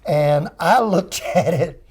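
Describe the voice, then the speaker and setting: A man in an interview telling a story in a lively way, laughing now and then as he recalls it. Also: on the high side, slow, husky. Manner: animated, laughs while telling. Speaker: guest. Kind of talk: conversational storytelling.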